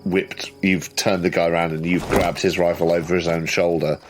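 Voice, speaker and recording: A man's voice: sits low, little pitch movement, moderate pace, music in the background. A man narrating as game master of a tabletop horror game, casual and hesitant with many restarts.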